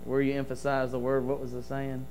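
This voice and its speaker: A man giving an earnest testimony in a church service, speaking in a halting, emphatic preaching style. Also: mid-range voice, completely flat delivery, a little mellow, a little hiss or hum.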